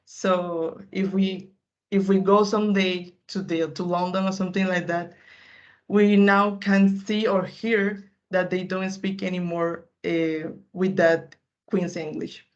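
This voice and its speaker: Young female student presenter, unhurried, hesitant, muffled call audio. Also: lowish voice, little pitch movement. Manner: hesitant, many fillers and restarts. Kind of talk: class presentation. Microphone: computer mic on a video call.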